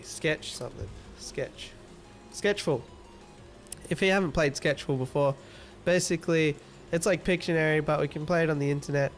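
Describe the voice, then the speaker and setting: An Australian man hosting a casual livestream, reading viewer comments aloud and teasing them playfully. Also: fairly high pitch. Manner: playful, teasing, laughs often. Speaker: livestream host.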